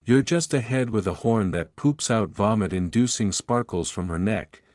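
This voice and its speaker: A man's voice: fairly low pitch, moderate pace, darkish tone, no room sound, clean studio sound, lightly acted. A man voicing a brash, trash-talking female floating unicorn head in a read-aloud fan story. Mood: sassy.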